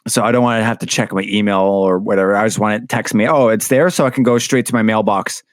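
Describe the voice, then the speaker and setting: A man's voice: lowish voice, steady tone, quick pace, dry recording, studio quality. A man co-hosting a podcast, telling a rambling, self-deprecating story in casual chat. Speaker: podcast co-host.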